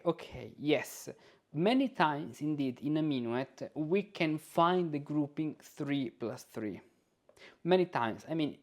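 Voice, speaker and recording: A man teaching music composition in an informal lesson, singing rhythms and note syllables aloud to demonstrate his points as he thinks out loud. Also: fairly high pitch.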